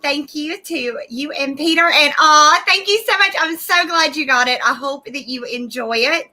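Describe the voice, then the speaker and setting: A woman co-hosting a casual podcast, with a high, very bright and sharp voice. She gushes with warm thanks to the people who support the show. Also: moderate pace. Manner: warmly thankful, gushing. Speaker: podcast co-host.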